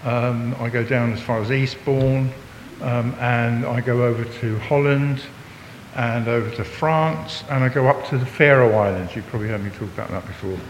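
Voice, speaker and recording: A man's voice: steady tone, moderate pace. Older man preaching in a reverberant hall. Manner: chatty and jokey, talks to the congregation. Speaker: visiting preacher. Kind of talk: informal church talk. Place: church hall. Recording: long hall reverb, faint rumble.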